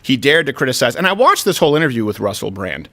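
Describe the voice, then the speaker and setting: Animated joking male talk show host. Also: mid-range voice. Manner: animated and joking, with quick asides. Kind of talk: comedic political talk show.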